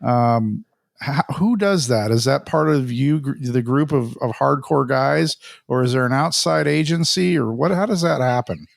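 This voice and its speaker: A man's voice: medium pitch, moderate pace, creaky, dry recording, clean studio sound. A man co-hosting a podcast, asking curious questions and correcting himself partway through. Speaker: podcast co-host. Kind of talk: casual podcast chat.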